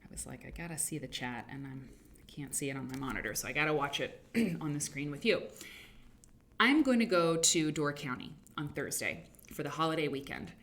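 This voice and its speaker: A woman from the American Midwest hosts a casual livestream from a home studio with a green screen, chatty, rambling and quick to laugh. Her voice sits low and is a bit bright, with lively intonation and a fairly quick pace.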